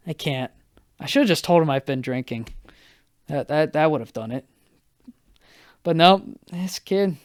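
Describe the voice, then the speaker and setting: A young man hosting a solo podcast, telling a story in a casual, rambling, profane way, a little hoarse and stopping often to correct himself. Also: on the high side, darkish tone, no room sound, clean studio sound. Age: young adult. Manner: rambling, profane, self-interrupting. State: slightly hoarse. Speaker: podcast host.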